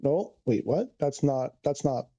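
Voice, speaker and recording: Man, gravelly mellow voice, rambling stream chatter, dull lo-fi sound. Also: medium pitch, expressive, measured pace. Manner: rambling, thinking aloud, self-correcting. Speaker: game streamer. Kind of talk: casual live-stream chat.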